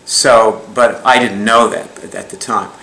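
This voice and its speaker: A man tells a story in a casual, rambling way, with a bright, forceful tone. He chuckles often and restarts his sentences as he goes. The sound rings in a roomy, echoey space. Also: fairly low pitch, fairly even intonation, takes it slowly, vocal fry. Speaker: speaker recounting a client story. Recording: echoey room.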